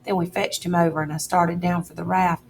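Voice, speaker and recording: Lady reading a classic novel out loud, lowish voice, folksy and steady. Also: fairly quick, gravelly, a little hiss or hum, rough recording. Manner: steady first-person storytelling in a folksy dialect. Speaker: reader.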